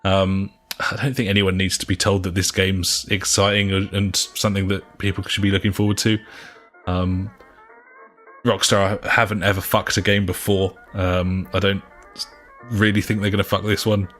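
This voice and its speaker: A man with a lowish voice reads gaming news in a loose, sarcastic style, full of swearing and filler words. He talks into a home laptop microphone, with faint music under him. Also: level tone, moderate pace, a bit bright. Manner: sweary, sarcastic, lots of ums and uhs. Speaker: podcast co-host reading gaming news. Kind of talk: casual news chat.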